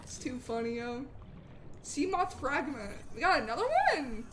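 Bubbly young woman streaming a game, high voice that jumps all over, a little hiss behind. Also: measured pace. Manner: bubbly, animated, thanks chatters eagerly. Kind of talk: live gameplay stream chat.

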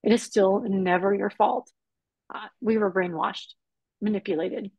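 A woman tells her personal story in an earnest, animated way, often slipping into the voices of the people she quotes. Her voice is husky and a little breathy. The sound is dry and close, with no room around it. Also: medium pitch, measured pace, dry recording, highs cut off. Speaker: podcast guest. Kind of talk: personal testimony in conversation.

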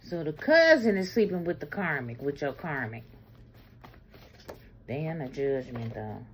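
A woman giving a casual tarot reading, talking bluntly and explicitly, swinging between loud bursts and low murmurs. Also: sing-song, measured pace, slight background noise. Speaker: tarot reader.

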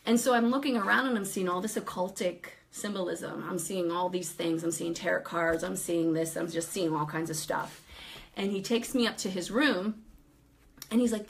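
A woman telling a ministry story in casual talk, animated and laughing often as she acts out what people said. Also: mid-range voice, creaky, a little hiss or hum.

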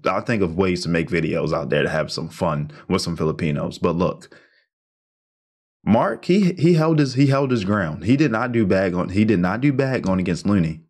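Excitable low-voiced reaction host. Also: male voice. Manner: excited slangy talk, repeats himself. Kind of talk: casual reaction commentary.

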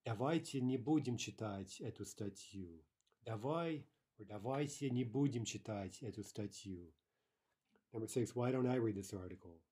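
Teaching grammar, this language teacher takes his time explaining each rule and repeats every example aloud several times. His voice is low and mellow, with a faint husky edge.

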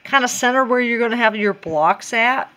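A woman's voice: fairly high pitch, moderate pace, bright, forceful tone. A woman in a casual DIY craft tutorial, chatty and giggly and talking to herself as she works.

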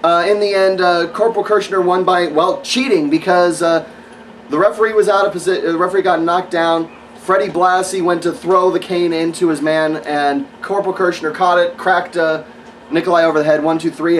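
Sarcastic dude rambling through a wrestling review, kinda high voice, mic a bit far off. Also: male voice, a little hiss or hum. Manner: rambling, sarcastic, lots of fillers. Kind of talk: casual spoken review.

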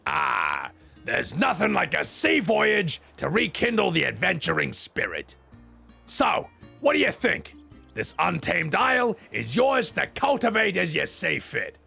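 A man voicing a small, cheerful female merchant in a squeaky falsetto, speaking in prim formal phrases that break into crude jokes, as a comedic game voice-over. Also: wildly swooping pitch, unhurried, creaky, bright, forceful tone, breathy edge, soft background music, full character voice. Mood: chipper.

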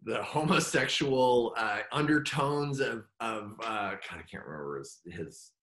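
A middle-aged man speaking as a guest in a casual interview, halting and heartfelt. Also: medium pitch, lively intonation, fairly bright tone. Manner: halting, full of fillers and restarts; heartfelt, open about his feelings. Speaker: guest actor.

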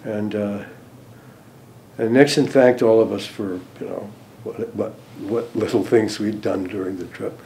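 Slow, low-voiced older American man. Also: steady tone, gravelly, mellow, a little hiss or hum. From United States. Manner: hesitant, many restarts and ums. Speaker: former diplomat recalling events. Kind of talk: interview recollection.

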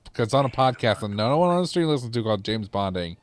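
A man's voice: medium pitch, animated, fast. A man co-hosting a let's play, chatting casually and rambling through anecdotes with a loose, laughing manner. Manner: rambling storyteller, laughing at his own anecdotes; casual, loose, swears freely. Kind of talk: casual gaming chat.

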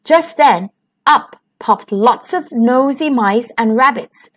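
A woman reads a children's picture book aloud for storytime. Her voice is high and lilting, with wide swings of pitch. She takes her time, letting each line land slowly. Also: breathy edge. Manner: slow, expressive reading. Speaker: storytime reader.

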